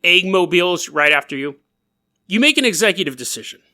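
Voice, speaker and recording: A man's voice: sits high, lively intonation, fairly quick, pushed and bright. A man hosting a podcast, telling a strange story in a playful, jokey way, giggling through his lines and riffing on tangents. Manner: riffs and goes off on tangents. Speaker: podcast host. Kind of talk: comedic storytelling narration.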